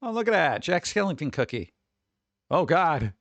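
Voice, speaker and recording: Lively gravelly-voiced man rambling and joking. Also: on the high side, no echo. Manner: rambling, joking, puts on quick voices for bits. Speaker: streamer. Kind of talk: casual reaction chat.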